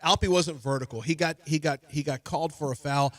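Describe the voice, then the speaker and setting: A man co-hosting a casual sports radio show, talking fast and loose about basketball and acting out players with mock voices. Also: a little high, no echo. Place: radio studio.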